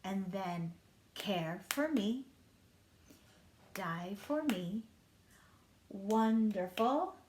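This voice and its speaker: A woman leading a children's singing lesson, talking gently and encouragingly to the children. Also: medium pitch, lively intonation, very slow, pauses often, echoey room, background noise. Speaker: primary singing time leader.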